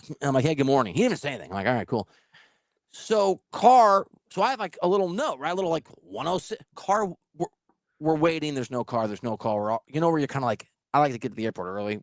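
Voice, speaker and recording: Male podcast host, mid-pitch, voice swinging widely as he spins funny stories, dry close sound. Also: no echo. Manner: animated, laughing storyteller who swears. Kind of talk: casual storytelling chat.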